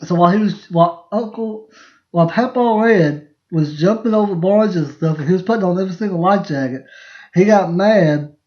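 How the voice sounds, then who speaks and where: Brisk and high-voiced, a man hosts a podcast during a casual live stream. He tells rambling family tales with plenty of laughter and mid-sentence restarts, and the audio comes across as lo-fi and dull.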